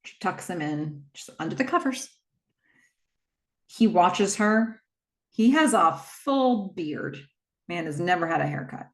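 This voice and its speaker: A woman retelling a movie plot in a casual, chatty way, with quick asides and small acted-out quotes. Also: lowish voice, lively intonation, roomy sound. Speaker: movie recap host.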